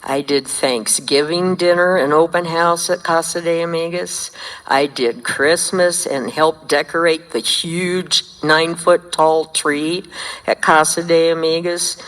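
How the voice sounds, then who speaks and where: An older woman sharing her recovery story at a meeting, telling it in a lively way and acting out the dialogue. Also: deep voice. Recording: long hall reverb.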